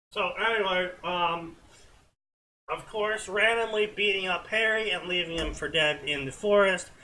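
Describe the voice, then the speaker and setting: A man co-hosting a comedy show, giving a deadpan, dismissive reading of fanfiction with commentary. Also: sits high, a little slow, pauses often. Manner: deadpan, dismissive, with many "blah, blah".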